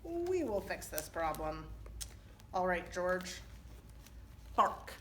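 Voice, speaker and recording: Steady reassuring animal doctor, woman putting him on, firm, takes it slow. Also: on the low side, slight background noise. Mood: confident. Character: confident cheerful animal doctor.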